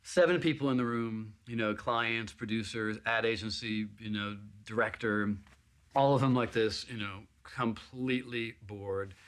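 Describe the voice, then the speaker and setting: A man's voice: fairly even intonation, a little slow, fairly bright tone, smooth. A man telling an audition story, acting out the other people's lines in it. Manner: acts out other people's lines with big pitch jumps. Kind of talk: animated anecdote.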